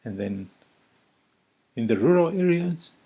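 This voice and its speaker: A man teaching a language lesson, speaking slowly and deliberately and repeating each word for learners. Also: on the high side, big pitch swings, vocal fry, warm tone, breathy edge.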